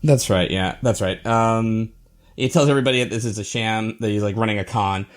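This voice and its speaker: A man's voice: lowish voice, brisk. A man co-hosting a podcast, giving a casual, rambling recap from his notes with many fillers and chuckles. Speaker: podcast co-host.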